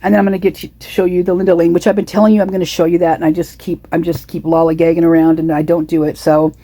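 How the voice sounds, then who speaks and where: A woman's voice: on the low side, little pitch movement, rapid-fire, mellow. A woman with the hiccups giving casual true-crime commentary, indignant and rambling, full of restarts and repeated words. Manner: indignant, repetitive, many restarts and asides. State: has the hiccups.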